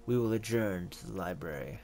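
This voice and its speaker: A man's voice: low voice, expressive, fairly quick, darkish tone, a little hiss or hum, voice pushed down. A man playing a cold, stern wealthy older father who speaks in a formal, clipped, commanding way. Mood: icy.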